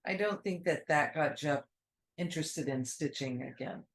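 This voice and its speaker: A woman co-hosts a relaxed, casual chat, her voice sitting a little low. She talks easily and conversationally. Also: normal speed. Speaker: co-host of a cross-stitch video chat.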